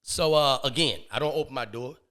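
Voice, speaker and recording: A man guest on a podcast telling a comedic story, slangy and profane, dropping to low murmurs and then bursting out loud. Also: fairly quick. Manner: animated, swings between low murmurs and loud outbursts.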